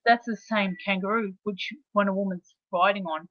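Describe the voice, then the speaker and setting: A woman's voice: medium pitch, steady tone, moderate pace, no room sound, lo-fi sound. A woman with an Australian accent co-hosting a livestream, teasing and explaining things at length in casual chat. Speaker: co-host.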